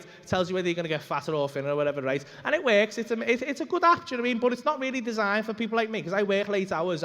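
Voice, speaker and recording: A man doing stand-up comedy on a club stage, brash, sweary and animated. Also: high voice, big-room sound.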